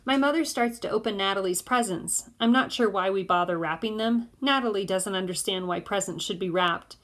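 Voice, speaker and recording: A woman narrating an audiobook in the first person of a boy, in a measured way. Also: medium pitch, fairly bright tone.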